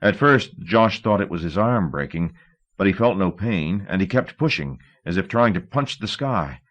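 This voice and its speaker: Deep-voiced male audiobook narrator. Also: animated, normal speed, a bit bright, highs cut off.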